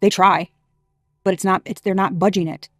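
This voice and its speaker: A woman's voice: mid-range voice, steady tone, moderate pace, no room sound. A woman reads tarot for her viewers in a loose, chatty way. She is emphatic, swears freely and laughs often. The recording is dry and close, with no room sound. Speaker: tarot reader. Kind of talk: casual spiritual reading to camera.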